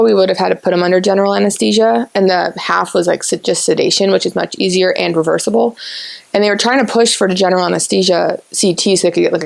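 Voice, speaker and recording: A woman's voice: mid-range voice, vocal fry. A woman in her twenties hosting a podcast, telling a story at length in casual chat. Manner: talkative, rambling storyteller. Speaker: podcast host.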